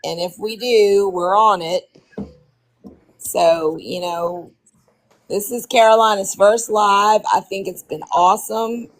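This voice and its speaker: A woman's voice: mid-range voice, steady tone, slow, rough recording. A woman from New Orleans with a local accent, easygoing as she moderates a live chat panel. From New Orleans, Louisiana. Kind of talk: casual chat.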